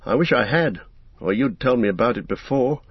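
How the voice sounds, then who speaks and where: A worried hobbit gentleman speaks in a measured, husky voice, as a male reader voices him. The storybook reading sounds dull and dry. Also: medium pitch, expressive, no echo, pitched above the performer's own voice. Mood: serious.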